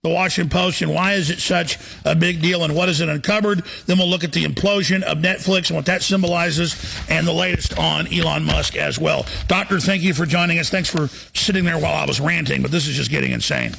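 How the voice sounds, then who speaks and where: A man hosting a talk radio show, ranting in a heated, forceful monologue. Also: a little high, fairly quick, creaky, hardly any pauses, slight background noise.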